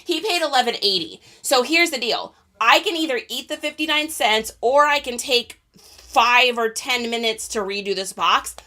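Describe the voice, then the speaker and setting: A woman with a slightly high, bright voice speaks expressively and forcefully at a moderate pace. She's a reseller live-streaming while packing orders to ship, chatting casually, talking to viewers, and reading their comments.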